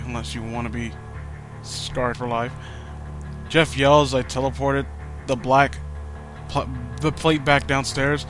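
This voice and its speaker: A man's voice: medium pitch, fairly bright tone. A man hosting a mocking dramatic reading of fan fiction, with sarcastic asides and frequent stumbles over words.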